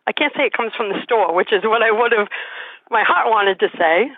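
Woman, radio host, lively storyteller, tinny phone-line sound, dry. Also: a little high, brisk, no echo. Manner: lively storyteller who acts out quotes. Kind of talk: casual storytelling conversation.

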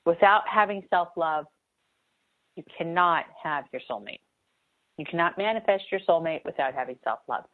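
Woman, motivational coach, earnest and emphatic, lowish pitch, tinny phone-like recording. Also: expressive, normal speed. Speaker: spiritual coach. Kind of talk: motivational talk on manifesting.

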